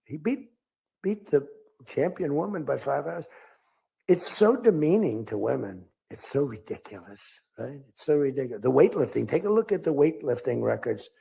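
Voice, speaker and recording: Speaking to a crowd without a script, an older political speaker rambles through stories and voices quoted lines as other people. His pitch is a little high and his delivery very animated at a moderate pace, with a dark, slightly rough tone and vocal fry.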